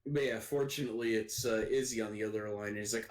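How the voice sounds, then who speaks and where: A man's voice: on the low side, steady tone, quick pace. A man co-hosting a casual anime podcast, laid-back and hesitant, with many "uh"s and restarts. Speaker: podcast co-host.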